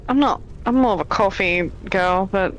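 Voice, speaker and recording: A woman playing a tabletop game, chatty and quick to laugh. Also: medium pitch, slight background noise, poor audio. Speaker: player. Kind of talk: casual tabletop play.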